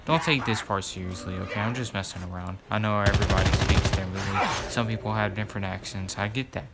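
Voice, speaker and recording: Low gravelly male gamer rambling. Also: fast, loud music behind the voice. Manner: rambling, repeats words, many fillers. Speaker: gaming YouTuber. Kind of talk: casual gameplay commentary. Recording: loud gameplay gunfire underneath. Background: loud game gunfire.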